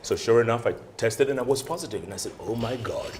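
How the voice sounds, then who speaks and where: A man in his fifties speaks with a deep, resonant voice, telling his story with animated energy and putting on the voices of the people in it. A faint hum sits under the recording. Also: quick pace. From Kenya. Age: 50s. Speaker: guest anchor and radio host. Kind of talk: casual storytelling interview.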